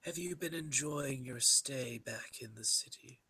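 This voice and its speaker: A man narrating a tabletop game as game master, describing scenes slowly and deliberately. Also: medium pitch, sharp tone, slightly rough.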